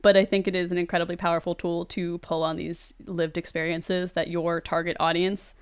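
A woman's voice: fairly low pitch, little pitch movement, fairly quick, smooth. A woman hosting a film podcast, chatting casually with a guest and laughing often. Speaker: podcast host.

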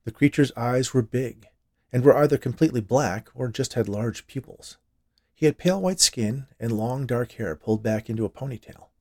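A man hosting his own podcast and narrating a short story, expressive and voicing characters. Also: mid-range voice, normal speed.

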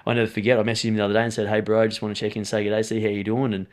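A young Australian man talking energetically as a podcast guest, saying mate often. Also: fairly low pitch. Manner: energetic, talks fast, says mate often. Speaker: podcast guest, strength and conditioning coach. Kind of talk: casual interview chat.

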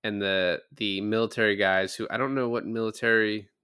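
A young adult man co-hosting a casual movie podcast, recapping scenes with lively, profane commentary. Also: fairly low pitch, normal speed, smooth. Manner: animated recapping with lots of swearing. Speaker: podcast co-host.

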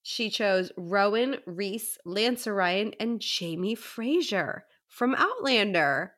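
A woman's voice: mid-range voice, expressive, takes it slowly, a bit bright. A woman co-hosting a casual book podcast, chatting animatedly and reading listener messages aloud. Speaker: podcast co-host.

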